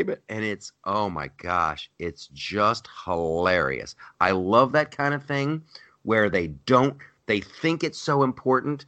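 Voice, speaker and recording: Bright-voiced man, animated mocking chat. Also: unhurried. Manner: animated, mocking retelling with big pitch jumps. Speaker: podcast host. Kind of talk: casual comedic chat.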